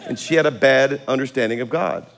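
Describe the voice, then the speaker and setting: A male pastor preaching a sermon in a church auditorium, telling stories with laughs and big swings in loudness. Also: mid-range voice, animated, a little fast, gravelly.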